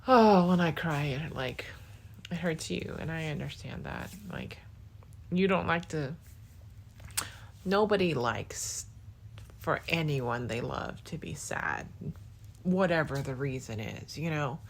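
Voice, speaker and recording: Soft-spoken young woman rambling tenderly. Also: low voice, expressive, takes it slowly, vocal fry, pauses often, slight background noise. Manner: rambling, full of "like" and restarts. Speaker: podcast host. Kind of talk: casual spoken diary to a partner.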